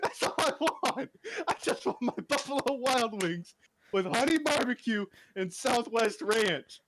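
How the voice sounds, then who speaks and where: A man's voice: very high-pitched, animated, unhurried, heavy background noise. A young man ranting in casual chat as a streamer, exasperated and laughing as he tells his story.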